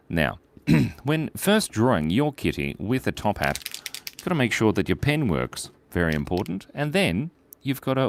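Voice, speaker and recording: A deep-voiced man runs a casual live drawing stream, chatting playfully while he sketches. His pitch constantly jumps up and down as he cracks jokes nonstop and reads viewer names and shout-outs aloud.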